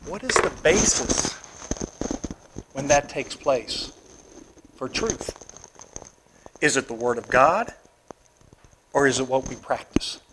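A man teaching a Bible class like a sermon. He asks the class questions, repeats key phrases, and swings between loud stressed words and quiet asides. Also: mid-range voice, lively intonation, slow pace, long pauses, background noise.

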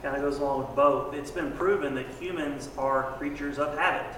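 A man's voice: a little high, fairly even intonation, fairly quick, fairly bright tone. Man, class discussion, reflective, far from mic, background noise. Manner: reflective, searching for words. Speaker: student in a Bible class. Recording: distant voice in an echoey hall.

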